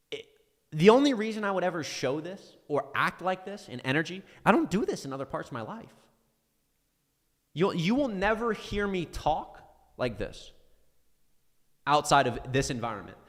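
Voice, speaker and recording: A man's voice: sits high, fairly bright tone, long reverb tail. A man who mentors traders, ranting intensely on a live stream as he answers viewer questions, swearing often and stumbling over restarts.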